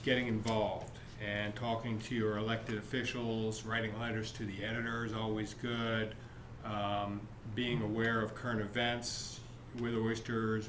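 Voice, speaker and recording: A man speaking as an oyster expert in an interview, thoughtful and hesitant. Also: on the low side. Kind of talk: interview answer. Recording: echoey room with noise.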